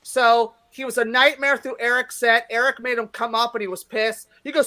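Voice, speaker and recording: A woman's voice: on the high side, steady tone, normal speed. A woman comedian in her fifties, a guest telling stories in a brash, profane way and acting out what people said. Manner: brash, profane, acts out quotes loudly. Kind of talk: casual interview storytelling.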